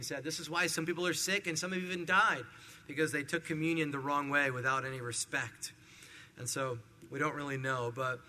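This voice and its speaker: A man preaches a sermon, working through verses and acting out scenes with lively energy. His voice is very bright and sits a little high. A long hall reverb trails his words. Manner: animated preaching with acted-out scenes. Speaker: pastor.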